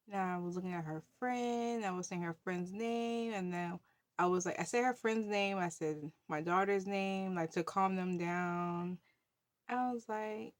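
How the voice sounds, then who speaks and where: A woman in her thirties tells a story to her viewers in a loose, chatty way, full of fillers and little laughs. Her voice sits low. The recording is close and dry, with no room sound. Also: steady tone, moderate pace, no echo. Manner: chatty, many fillers, laughs while telling. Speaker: budgeting channel host. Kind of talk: casual storytelling vlog.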